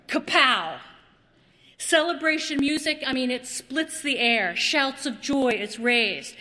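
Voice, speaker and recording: A woman preacher delivers a sermon in a slow, drawn-out way, with pauses and repetition for effect. Her voice sits a bit high. It rings with the long reverb of a large hall. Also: animated, pushed and bright.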